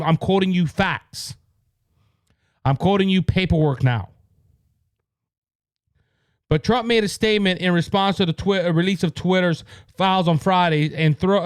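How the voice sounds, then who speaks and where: Cajun podcast host, male, high smooth voice, heated rants, dry close mic. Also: no room sound. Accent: Cajun Louisiana. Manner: heated, repetitive, rising to exasperation. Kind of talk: political commentary podcast.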